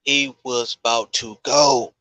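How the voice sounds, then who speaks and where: A man from Long Beach tells a story in relaxed, emphatic chat and drives points home with repetition. His tone is bright and forceful. The sound is dry and close, with no room echo. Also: mid-range voice, slow. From Long Beach, California.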